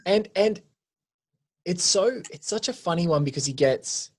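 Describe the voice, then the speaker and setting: A man's voice: high voice, animated, a little slow. Film podcast co-host, a man who rambles and keeps restarting with lots of "like". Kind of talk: casual film chat.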